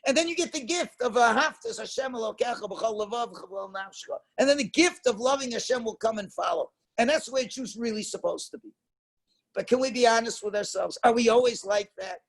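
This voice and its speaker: A rabbi with a strikingly high voice leads a Torah class. He speaks emphatically, tosses out rhetorical questions and moves between loud stresses and quiet asides. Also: fairly quick, gravelly. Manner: emphatic, rhetorical questions, mixes Hebrew and Yiddish terms. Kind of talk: Torah class lecture to a congregation.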